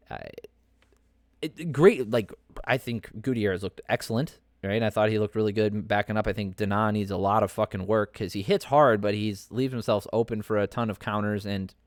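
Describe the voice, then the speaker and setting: A man's voice: fairly low pitch, steady tone, normal speed, no echo, studio quality. A man hosting a podcast, giving casual, opinionated fight commentary that rambles with many fillers and restarts. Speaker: podcast host.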